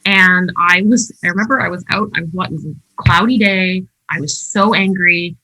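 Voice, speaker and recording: A woman's voice: fairly low pitch, normal speed, bright, forceful tone, rough recording. A woman telling her personal story as a podcast guest, emphatic and candid, with frequent "like" fillers. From Canada.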